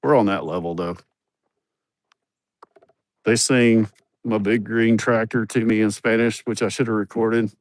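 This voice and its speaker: A man's voice: on the low side, steady tone, measured pace, pauses often, no room sound. Joking, foul-mouthed man on a phone. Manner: joking, blunt, profane storytelling. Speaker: livestream host. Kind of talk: casual livestream chat. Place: outdoors at a building site. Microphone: phone held in hand.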